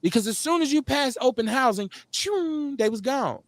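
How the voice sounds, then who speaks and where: A man hosts a talk radio show, worked up and profane. He hammers his points with rhetorical questions. His voice sits high and sounds dry and close to the mic. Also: lively intonation, a little fast, no room sound. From Milwaukee, Wisconsin. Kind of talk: heated political talk radio rant.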